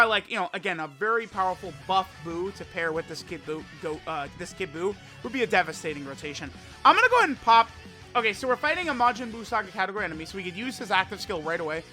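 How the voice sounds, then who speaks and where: High, bright-voiced man rambling over faint music. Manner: rambling, filler-heavy, thinking aloud. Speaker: mobile game content creator. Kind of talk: casual gameplay commentary.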